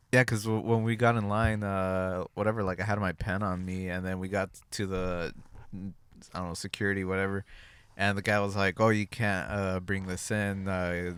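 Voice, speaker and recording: A young man rambles through a party story on a podcast, piling up fillers and restarts. His voice is smooth and clean, and the sound is dry and close with no room around it. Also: low-pitched, a bit bright, no room sound. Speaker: podcast co-host. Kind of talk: casual chat.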